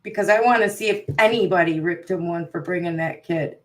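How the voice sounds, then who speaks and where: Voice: mid-range voice, brisk. Wry, exasperated co-host. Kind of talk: casual commentary chat.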